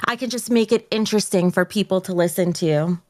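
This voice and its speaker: A woman's voice: mid-range voice, brisk, a little mellow. A woman moderating a bantering podcast debate, teasing and sing-song in her delivery.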